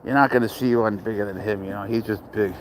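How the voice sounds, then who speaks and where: A man's voice: fairly low pitch, steady tone, fast talker, poor audio. Young man, rambling crude chatter, phone livestream outdoors, faint traffic noise. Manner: rambling, crude, self-deprecating, talks to his cat. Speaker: cat owner livestreaming. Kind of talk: casual livestream chat, reading viewer comments.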